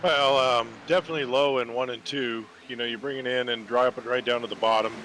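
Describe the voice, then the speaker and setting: A man joining a race broadcast booth as a guest, chatty and excited. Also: medium pitch, brisk, slight background noise. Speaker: guest commentator. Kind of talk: casual booth chat.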